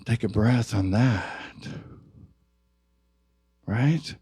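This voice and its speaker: A male minister giving a sermon at a church service, gentle and reflective, his voice rising to stress key points. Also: on the low side, extremely slow, husky, no room sound, studio quality.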